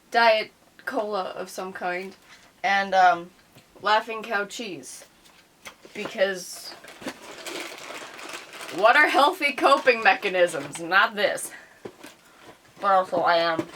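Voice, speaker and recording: Bright-voiced, candid woman vlogger. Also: mid-range voice, slight background noise. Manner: candid, rambling, swears freely. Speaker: YouTube reactor. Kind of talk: casual vlog talk.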